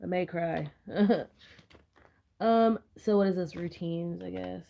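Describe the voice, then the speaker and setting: Hoarse woman, breathless, gravelly low voice, mellow tone, casual chatty vlog talk. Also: slow pace. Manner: chatty, drifts into soft mumbling while working. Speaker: planner vlogger. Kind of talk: casual chat to viewers.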